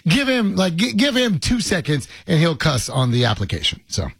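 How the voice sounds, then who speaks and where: A man's voice: on the high side, wildly swooping pitch, normal speed, gravelly, a bit bright, husky, no echo. A man hosting a sports radio show, teasing his guest with sarcastic, grumbling banter in a studio.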